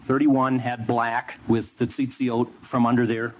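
A man's voice: mid-range voice, level tone, a little slow. A man preaching a sermon, telling a story with energy and quizzing the audience. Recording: dull lo-fi with faint noise.

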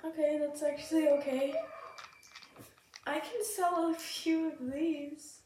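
A woman hosting a gaming podcast, chatting casually and excitably while she plays, giggling often and sounding sick. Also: high voice, takes it slowly. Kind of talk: casual gameplay chat. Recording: very echoey room, distant mic, faint hiss.

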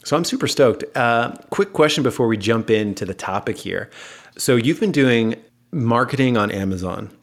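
A man's voice: mid-range voice, lively intonation, normal speed. An American man hosting a podcast in an upbeat, joking, chatty way. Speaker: podcast host. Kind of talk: casual podcast interview.

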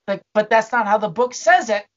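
A man's voice: high voice, expressive, fairly quick, muffled recording. A man who works in a restaurant, rambling and swearing as he vents in casual chat. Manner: rambling, profane venting. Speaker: restaurant worker.

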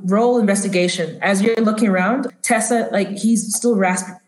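A woman runs a tabletop game, describing the scene in a halting way full of restarts. Her voice sits at a middle pitch. The room adds a clear echo. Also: a little mellow. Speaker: game master. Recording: roomy echo.

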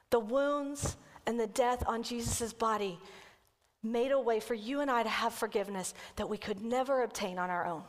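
A woman kids' pastor preaching a sermon as a lively storyteller who acts out the quotes. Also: on the high side, big-room sound.

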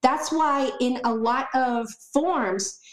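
A woman's voice: high-pitched, slow pace, roomy sound, low-quality recording. A woman talking as a podcast guest in a casual conversation, emphatic and repeating words for stress.

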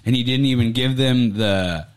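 An easygoing man with a mid-range voice trading casual sports chat, agreeing often and sometimes quoting people. He sounds relaxed and loose. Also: medium pitch, moderate pace, clean tone.

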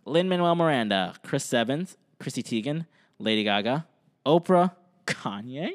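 Brief: young male podcast co-host, mid-pitched, jokey, reads lists aloud. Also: lively intonation, moderate pace. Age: young adult. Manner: joking, laughs often, lists items off. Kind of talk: casual chat, reading quiz options aloud.

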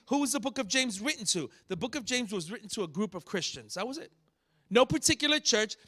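A man preaching a sermon, teaching from scripture and acting out sharp rebukes with rising shouts. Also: very high-pitched. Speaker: pastor.

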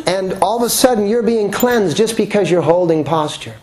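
A yoga teacher opens his class with a relaxed, joking talk to the room, often checking in through rhetorical questions. He speaks at normal speed in a high-pitched voice.

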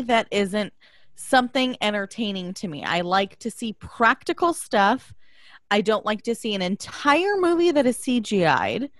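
Unhurried woman with a dry sound. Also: mid-range voice, fairly bright tone, no room sound. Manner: frank, laughs often, swears freely. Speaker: podcast co-host. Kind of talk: casual chat.

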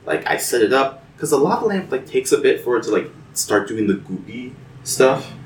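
A man's voice: mid-range voice, big pitch swings, moderate pace. A young man in a casual chat who keeps asking questions, tells a dorm story and laughs often. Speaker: podcast co-host. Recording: echoey room, distant mic, faint hiss.

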